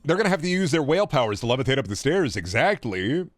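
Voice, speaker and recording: A man's voice: medium pitch, sing-song, fast, no room sound, clean studio sound, soft background music. A young man streaming a game, riffing in a profane, sarcastic way in casual chatter.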